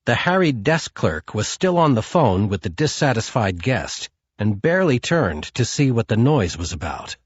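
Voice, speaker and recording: A man narrating an audiobook in a measured, scripted read. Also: medium pitch, big pitch swings, breathy edge, no echo, dull audio.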